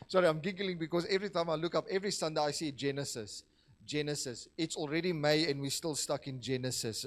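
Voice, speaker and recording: A man preaching a sermon in a church, talking conversationally and joking with the congregation. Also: a little high. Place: church hall.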